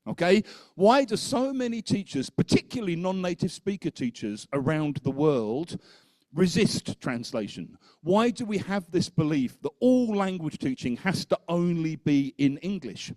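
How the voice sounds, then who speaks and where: A man's voice: high-pitched, unhurried, no echo. Man giving a talk at a teachers conference, keeps asking okay?, dry close sound. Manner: lively storyteller, keeps checking in with "okay?".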